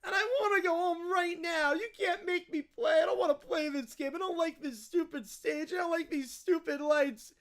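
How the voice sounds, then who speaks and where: A man's voice: extremely high pitch, normal speed, few pauses. A man voicing a whiny, bratty little boy cartoon bear who sobs and complains. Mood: whining, crying. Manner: whining, sobbing complaints.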